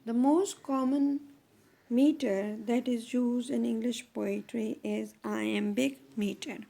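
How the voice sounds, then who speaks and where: A woman teaching poetry in a slow, deliberate lecture. Her voice is heavily gravelly with fry, sitting a little high. She pauses often between short phrases as she explains. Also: fairly even intonation, dark tone.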